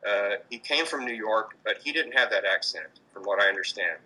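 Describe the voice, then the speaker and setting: A man's voice: fairly low pitch, animated, fairly quick, sharp tone, slightly rough, rough recording. A man answering interview questions about his street performing, hesitant, with many fillers and restarts. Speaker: street performer in mobster costume.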